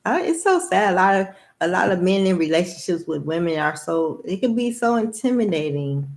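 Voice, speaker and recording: A woman's voice: on the low side, very animated, brisk. Blunt, profane woman venting on camera. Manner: blunt, rambling, heavy profanity. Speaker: vlogger. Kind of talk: candid personal monologue.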